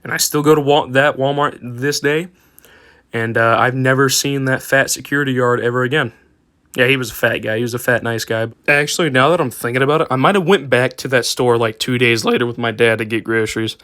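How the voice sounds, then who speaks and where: Young guy rambling thru a storytime, swears a lot, casual, average pitch. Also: steady tone, a little fast, fairly bright tone. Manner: loose, profane, rambling.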